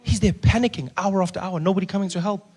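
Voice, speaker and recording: A man's voice: sits high, fast, slightly rough. A man with a South African accent doing a stand-up comedy set, telling stories and acting out characters in many voices. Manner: animated storytelling, acts out characters in many voices.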